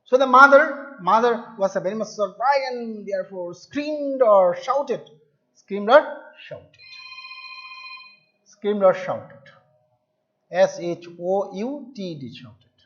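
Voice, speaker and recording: A male English teacher explaining a story to his students, repeating and restating words to make the meaning clear. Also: sits high, animated, measured pace, pauses often, a bit bright. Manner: addresses listeners as dear children. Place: home or classroom video lesson. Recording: dull lo-fi recording.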